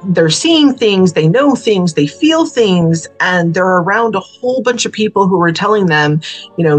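A woman's voice: medium pitch, animated, a little slow, faint music behind, poor audio. A woman who is a guest spiritual healer, earnestly telling a personal story in a casual podcast chat from a small bedroom studio. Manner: earnest, emotional, laughing.

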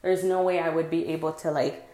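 A woman with a notably low voice tells a personal story, circling back through her sentences with plenty of "like" and "um." She checks in with a steady "right?" as she goes. Her voice bounces around a hard, echoey room. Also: fairly quick. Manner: rambling, heavy use of "like" and "um", frequent "right?". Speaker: podcast host.

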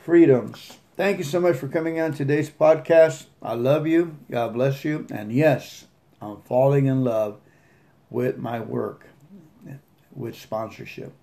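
Podcast host, male, mellow low-key tone, earnest and halting delivery. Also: vocal fry. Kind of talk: reading aloud and casual recovery talk.

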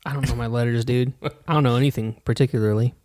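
A man's voice: medium pitch, steady tone, quick pace, a little mellow, no room sound. A young man in casual chat, playful and slangy.

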